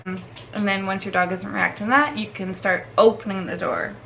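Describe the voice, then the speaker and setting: A woman's voice: medium pitch, steady tone, moderate pace, creaky, fairly bright tone, poor audio. Woman, dog trainer, casual vlog, chatty with fillers, slight noise behind. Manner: chatty, laughs often, filler-heavy.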